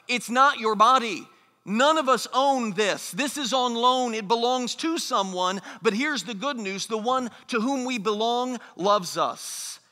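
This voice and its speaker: A man's voice: high-pitched, bright, forceful tone. A man from the United States preaching a sermon as pastor, earnest and emphatic, slipping into mocking quoted voices. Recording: long hall reverb.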